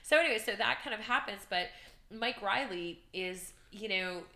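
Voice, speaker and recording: Animated woman with a bright, echoey voice. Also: medium pitch, moderate pace. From Canada. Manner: animated, acts out shouts and inner voices; emotional, earnest. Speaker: podcast guest, business coach. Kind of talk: candid interview storytelling.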